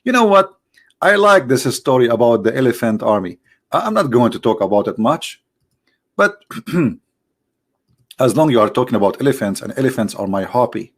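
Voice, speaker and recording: A man from the Middle East with an Arabic accent, hosting a live stream in a mocking, theatrical monologue that jumps between high exclamations and low asides. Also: expressive, normal speed, long pauses. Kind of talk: sarcastic monologue.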